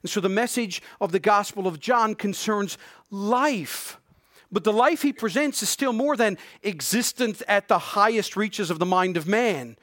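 Middle aged pastor guy preaching, goes loud then hushed, drags out the verses, pretty high voice, dry close mic. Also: animated, no echo. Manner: swings between loud emphatic declarations and hushed slow pleading; slows right down to stress scripture quotes. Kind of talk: sermon.

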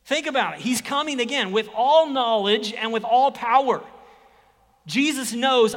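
A man preaching a sermon as a pastor, dropping to hushed whispers and rising to loud emphatic exclamations, acting out quoted speech. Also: high-pitched, moderate pace, long reverb tail. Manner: acts out quoted speech in lively voices.

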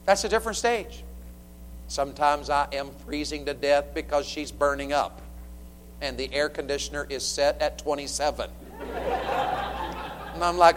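A man preaching a sermon to his church, animated and swinging between loud and hushed. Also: fairly high pitch, fairly quick. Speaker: pastor. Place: church sanctuary. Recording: long hall reverb, faint hum.

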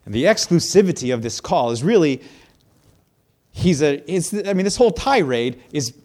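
A man preaching a sermon in a conversational, animated way, sometimes acting out the voices he quotes. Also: a little high, normal speed. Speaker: pastor.

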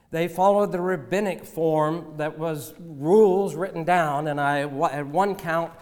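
A man preaching a sermon as pastor, measured and deliberate, often asking rhetorical questions. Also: fairly high pitch, a little mellow, in a large hall.

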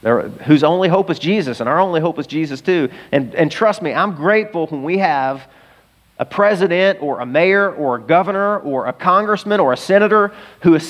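Animated, higher-voiced man preaching a sermon. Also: a little fast. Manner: conversational, animated preaching with asides. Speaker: pastor.

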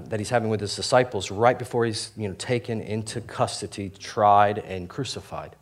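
A young man preaching a sermon as pastor, candid and self-deprecating, talking casually with many fillers and restarts. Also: lowish voice. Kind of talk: conversational sermon.

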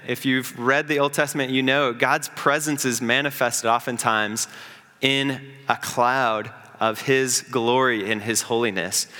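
A man preaching a sermon as pastor, earnest, building up and slowing down for emphasis. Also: medium pitch, sharp tone, big-room sound.

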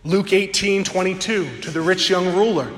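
Earnest male pastor, high voice, sermon in a church with long ringing reverb. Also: a bit bright. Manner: earnest, draws out key words slowly for emphasis. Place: church sanctuary before a congregation. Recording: echoey hall with long reverb.

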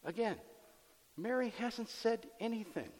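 Guy pastor preaching, high voice, chatty but emphatic, long echo like a church hall. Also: big pitch swings, a little slow, darkish tone. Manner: conversational, emphatic, acts out scenes. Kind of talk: sermon.

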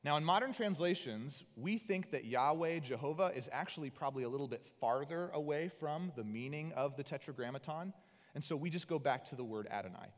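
A man preaching as a pastor, earnest, moving between loud emphatic lines and soft, intimate passages. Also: on the high side, lively intonation, a little fast. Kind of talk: sermon. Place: church sanctuary. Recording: long hall reverb.

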